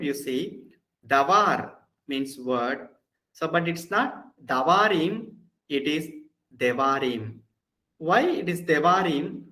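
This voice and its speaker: A man's voice: a little high, pushed and bright, rough recording. A man with an Indian English accent teaching an online Hebrew grammar lecture, patient and repeating key points to reassure students. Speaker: Bible college Hebrew instructor.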